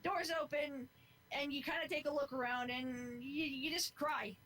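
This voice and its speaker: On a podcast, a woman in her twenties co-hosts a casual chat, rambling earnestly and swearing freely. Her high voice is bright and forceful yet steady and unhurried, though the audio quality is poor.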